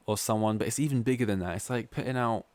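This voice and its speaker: A man's voice: medium pitch, fast talker, a little mellow, no echo. Rambling man hosting a solo podcast. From East London, England. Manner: rambling, goes off on tangents, heavy use of "like". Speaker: podcast host. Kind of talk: solo casual podcast monologue.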